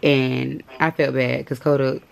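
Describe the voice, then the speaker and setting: A young woman in her twenties with a hoarse, worn-out voice, chatting casually to her vlog viewers. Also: very deep voice, level tone, measured pace. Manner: chatty, storytelling, slangy. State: hoarse, lost voice. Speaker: vlogger.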